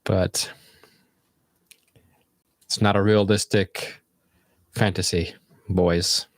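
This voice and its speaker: Guy, lowish voice, dry close sound, rambling reflective stream host. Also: little pitch movement, extremely slow, dry recording. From United States. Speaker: livestream host. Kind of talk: casual livestream chat.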